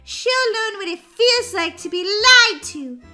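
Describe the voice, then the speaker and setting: A woman's voice: very high voice, expressive, a little slow, bright, forceful tone, faint music behind, heavily acted. A woman voicing Daisy, a bossy young girl who lectures and scolds. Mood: scolding. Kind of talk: animated roleplay voice acting.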